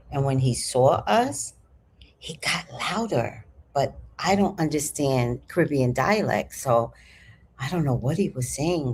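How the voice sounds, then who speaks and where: A woman in her fifties telling a story to her viewers in an animated, chatty way, swearing freely. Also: rumbling low, a little hiss or hum. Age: 50s. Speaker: vlogger. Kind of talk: casual storytelling to camera.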